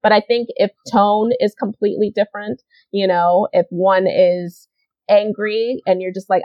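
A woman's voice: mid-range voice, fairly even intonation, moderate pace, dark tone, dry recording. Chatty woman on a dull, dry line. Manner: chatty, many you-knows, repeats words for emphasis. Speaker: casting director. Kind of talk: casual interview chat.

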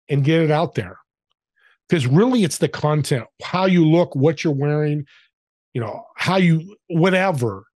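A man's voice: a little high, darkish tone, no echo, clean studio sound. A man guesting on a podcast, telling stories in an upbeat, motivational way. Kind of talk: casual interview chat.

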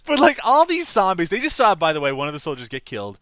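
A man's voice: high-pitched, huge pitch swings, fast, fairly bright tone, no room sound. A man co-hosting a casual movie podcast, recapping scenes and laughing often. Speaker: podcast co-host. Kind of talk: casual movie-review chat.

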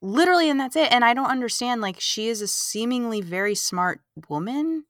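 A woman co-hosting a casual movie podcast, recapping the plot in an animated, sarcastic way and acting out the characters' lines. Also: on the high side, a little fast, no room sound, studio quality. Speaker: podcast co-host.

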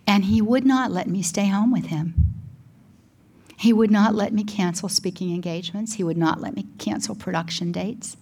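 An older woman giving an emotional spoken testimony, preaching at times in a near whisper, with a husky voice. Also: mid-range voice, moderate pace, a little mellow. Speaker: Catholic speaker and broadcaster. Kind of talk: sermon.

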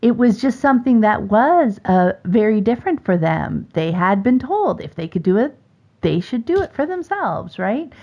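A woman's voice: medium pitch, moderate pace. Chatty woman on a dull lo-fi line. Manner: chatty, animated storytelling with laughs and self-corrections. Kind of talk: casual podcast conversation. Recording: dull lo-fi recording.

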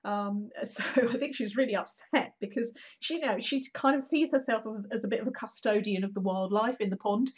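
A woman, a regular on the show, telling a local anecdote in a chatty, animated way, acting out quotes with plenty of fillers. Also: mid-range voice, brisk, few pauses, breathy edge, highs cut off. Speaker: regular contributor. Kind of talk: casual storytelling chat.

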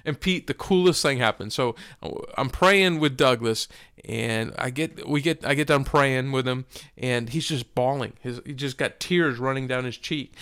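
A man's voice: medium pitch, clear, resonant tone. A man co-hosting a Christian podcast, telling a personal story in casual chat and acting out the dialogue as he goes. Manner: animated storyteller, acts out dialogue, laughs easily. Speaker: podcast co-host.

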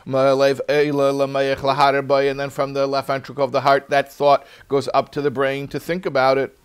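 A man's voice: mid-range voice, completely flat delivery, moderate pace, clear, resonant tone. A man teaching a religious text class in a casual, joking storytelling manner.

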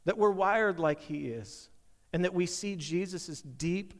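A man's voice: sits high, measured pace, big-room sound. A male pastor preaching a conversational sermon, asking his listeners many questions.

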